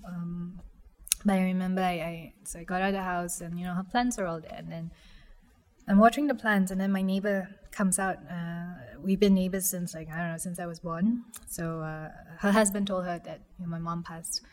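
Soft-spoken woman, halting. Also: fairly low pitch, steady tone. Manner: soft, halting, many fillers and restarts. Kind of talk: personal storytelling.

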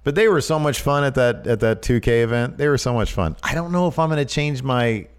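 A man's voice: mid-range voice, brisk, clear, resonant tone. A man co-hosting a wrestling podcast, chatting casually and joking around. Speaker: podcast co-host.

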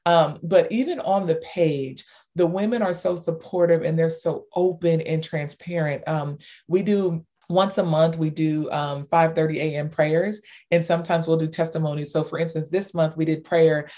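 Animated woman telling stories as a guest. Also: low voice, moderate pace. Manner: animated storyteller, many fillers, squeals in retold cheers. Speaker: author and guest. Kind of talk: casual interview talk.

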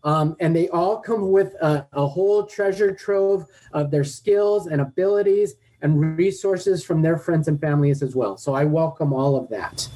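A man's voice: a little high, moderate pace, hardly any pauses, mellow, low-quality recording. An upbeat man in his late forties, a guest on a podcast interview. He rambles a little as he talks and laughs easily. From Southern California. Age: 40s. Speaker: guest, educator.

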